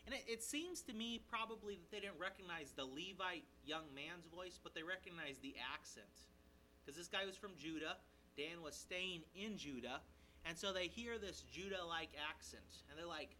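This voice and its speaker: A male pastor preaching an expository sermon in a conversational, animated way, checking in with his listeners and briefly acting out the characters' lines. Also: on the high side, slight background noise, poor audio. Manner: animated, voices the characters' lines in quick asides. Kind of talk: sermon, expository Bible teaching.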